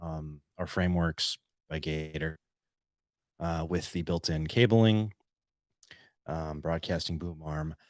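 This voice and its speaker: A man's voice: very deep voice, fairly even intonation, slow, pauses often, no room sound. A man hosting his own podcast, talking casually and rambling, with lots of fillers and restarts, close on a studio mic. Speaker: podcast host. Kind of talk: casual solo podcast talk. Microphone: studio podcast mic on boom arm.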